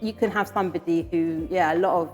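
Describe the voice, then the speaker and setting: Measured woman therapist explaining calmly. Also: fairly low pitch. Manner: measured, explains concepts step by step. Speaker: therapist and parent coach, guest. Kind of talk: explanatory interview talk. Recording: long hall reverb with faint music.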